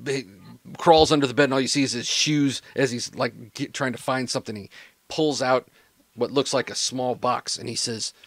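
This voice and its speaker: A man's voice: medium pitch, steady tone, normal speed, no echo. A man narrating as game master in a tabletop game, in a loose, rambling way with many fillers.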